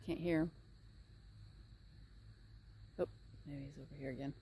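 A woman's voice: fairly even intonation, measured pace, dark tone, slight background noise. Chatty woman coaxing horses outdoors. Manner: chatty, coaxes horses in a high sing-song voice. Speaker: horse rescue farm owner. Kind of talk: casual vlog narration.

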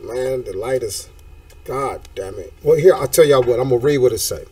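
Animated slangy male talk show host. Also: medium pitch, normal speed, far from the mic, slight background noise. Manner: animated, slangy, hype catchphrases. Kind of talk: casual talk show chat.

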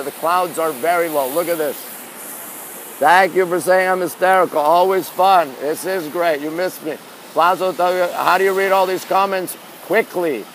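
A high-pitched, fairly bright male voice with a New York accent chats casually during a nighttime live stream outdoors on a rainy city street. He reads viewers' comments aloud into a phone held in one hand while faint street noise plays behind.

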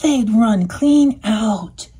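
A woman voicing an eager, anxious young male duck in a storybook read-aloud, pleading and excitable, pitched higher than her narration. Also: extremely slow, slightly rough, heavily acted. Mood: worried. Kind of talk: children's read-aloud with puppet.

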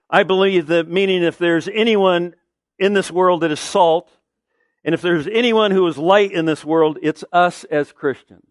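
A man's voice: a little high, unhurried, no room sound, studio quality. A man preaching a sermon as pastor, emphatic, asking the listeners questions and answering them.

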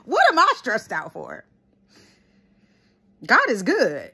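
A woman vlogger telling stories in a chatty, animated way, with lots of fillers and laughs. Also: on the high side, takes it slowly, pauses often, slightly rough. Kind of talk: casual storytime chat.

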